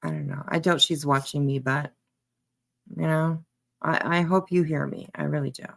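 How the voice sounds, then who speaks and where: A woman's voice: sits low, steady tone, normal speed, gravelly. A woman reacting to a clip on a live stream, blunt and emphatic, talking straight back at the person on screen. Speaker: commentary streamer.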